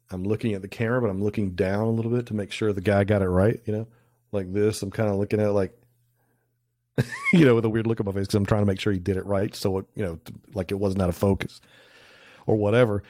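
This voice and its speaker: A man's voice: lowish voice, darkish tone, no room sound, studio quality. A middle-aged man, a photographer guest, chatting casually and telling anecdotes with plenty of restarts and fillers. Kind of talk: casual interview storytelling.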